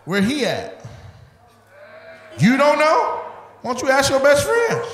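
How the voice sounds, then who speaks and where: A man doing stand-up crowd work on a club stage, loudly teasing audience members in a lively comic riff. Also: very high-pitched, slow pace, a little hiss or hum. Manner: loud, teasing, animated riffing with audience members. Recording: roomy live club with crowd laughter. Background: loud laughing crowd.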